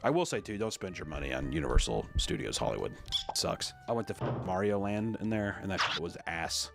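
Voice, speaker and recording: A man with a lively, swinging pitch, reading an article aloud in a casual way. He keeps breaking off into joking asides and quick rants. Faint music plays behind him. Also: gravelly. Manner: animated, joking asides, mock voices.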